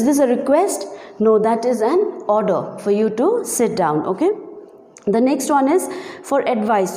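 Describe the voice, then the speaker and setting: Echoey teacher woman, mellow voice. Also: a little high. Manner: patient, repeats "okay" and "you know" often, asks questions to the class. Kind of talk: online class explanation. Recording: echoey room with long reverb.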